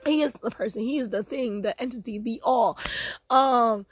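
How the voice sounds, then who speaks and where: A woman's voice: fairly high pitch, moderate pace, music in the background. A young woman hosting her own podcast, talking casually and animatedly to her listeners about her life, dating and faith. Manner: chatty, animated, giggly, addresses listeners as "y'all". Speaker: podcast host. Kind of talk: casual personal talk to listeners.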